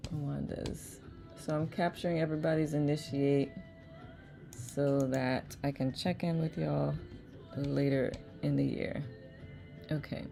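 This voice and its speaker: A woman hosts a live online chat, reading viewers' messages aloud and laughing often. Her voice sits low with a gravelly fry and a mellow, dark tone. Soft music plays faintly behind her. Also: fairly even intonation, measured pace. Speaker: host.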